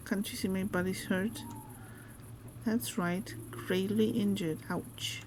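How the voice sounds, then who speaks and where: A woman's voice: medium pitch, fairly even intonation, a little slow, noisy background, natural voice. A woman reading aloud the lines of a grumpy injured patient who complains and accuses others of faking. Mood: indignant.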